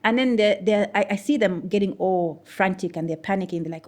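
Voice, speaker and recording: A woman, a news anchor telling her story with lively energy as an interview guest. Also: medium pitch, a little fast. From Zambia. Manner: animated, lively anecdotes.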